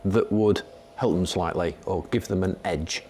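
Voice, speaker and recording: British host guy, kinda low voice, excitable and chatty, bit of faint room noise behind. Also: unhurried. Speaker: podcast host. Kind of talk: casual interview.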